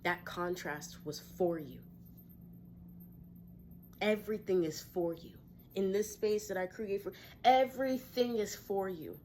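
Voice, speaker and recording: A woman with a fairly low voice speaks reflectively and encouragingly as a tarot reader, pausing to sigh or laugh softly. A faint hum of ambience sits behind her. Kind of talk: casual spiritual talk to viewers. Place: her home.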